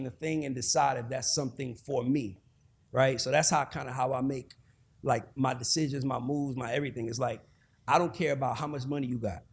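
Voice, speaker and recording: A man in his forties with an Atlanta accent, a guest telling stories in a casual, animated, profane way. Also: medium pitch, creaky, husky. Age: 40s. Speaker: guest, music executive. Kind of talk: casual podcast conversation.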